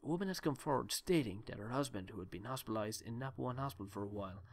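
A man's voice: mid-range voice, animated, racing. Rambling joking man playing a game. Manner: rambling, joking, talks to himself. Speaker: let's play gamer. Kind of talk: gameplay commentary.

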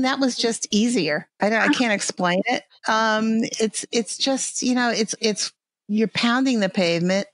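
A woman's voice: medium pitch, dry recording. Older woman with a New York accent. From New York area. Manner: halting, many restarts and fillers, laughs easily. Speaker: guest artist and illustrator. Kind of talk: casual interview chat.

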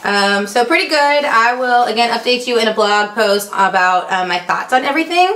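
A woman's voice: fairly high pitch, expressive, normal speed, sharp tone. A young woman chatting through an unboxing vlog, upbeat and full of ums. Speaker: vlogger. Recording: echoey room, faint noise.

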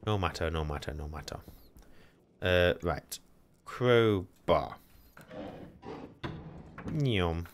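A young man running frantic solo commentary on a game, talking to himself and repeating words fast. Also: sits low. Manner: panicky, talks to himself, repeats words rapidly. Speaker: gaming channel host.

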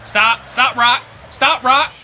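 A man's voice: very high-pitched, steady tone, takes it slowly, pushed and bright. A young man giving hyped, trash-talking commentary on his own basketball video game match, repeating his taunts. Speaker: gaming YouTuber. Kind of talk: live gameplay commentary.

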